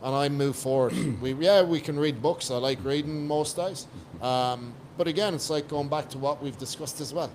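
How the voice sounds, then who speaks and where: A man's voice: a little high, moderate pace, hardly any pauses, a little mellow, a little hiss or hum. An Irish man from Ireland, a guest coach on a podcast, talking in a blunt, emphatic way and swearing freely. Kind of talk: casual podcast chat.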